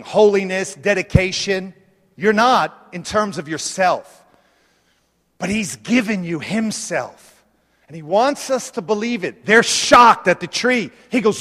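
A man's voice: high-pitched, fairly bright tone. A man preaching a sermon, emphatic and insistent, hammering home repeated phrases. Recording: long reverb of a large hall.

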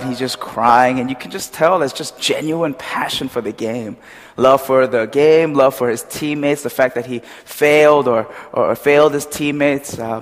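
Young man preaching in a reverberant hall. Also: medium pitch. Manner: chatty, storytelling, animated when retelling. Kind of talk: casual sermon. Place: church hall.

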